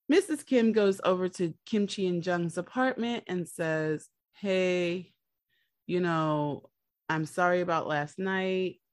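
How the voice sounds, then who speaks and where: Unhurried woman, casual podcast co-host. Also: on the low side, dry recording, clean studio sound. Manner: animated storyteller, acts out quotes. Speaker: podcast co-host recapping a drama series. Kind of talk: casual chat.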